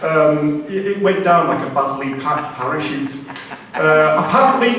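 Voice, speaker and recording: Brief: stand-up, forties, slightly high voice, rambling self-mockery, picked up from far off in a very echoey room. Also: male voice, a bit bright. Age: 40s. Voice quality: rambling, self-deprecating delivery. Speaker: stand-up comedian. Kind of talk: stand-up comedy routine. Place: comedy club stage.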